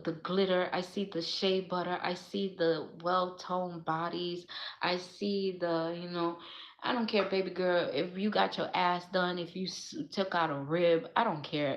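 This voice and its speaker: A woman vlogger talking straight to camera in a casual, emphatic, profane rant, going from soft musing to loud laughing outbursts. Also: on the low side. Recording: echoey room, dull lo-fi sound.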